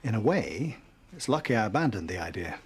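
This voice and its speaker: A charming lawyer, Andrew. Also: male voice, lowish voice, big pitch swings, fairly quick, breathy edge, exaggerated voice. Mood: fond. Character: polished middle-aged male lawyer. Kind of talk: TV soap drama acting.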